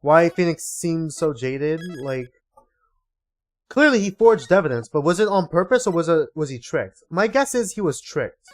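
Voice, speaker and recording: A man's voice: a little high, very animated, moderate pace. Rambling male gaming streamer. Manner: musing, swears casually, rambling. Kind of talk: casual live gameplay commentary. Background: game music.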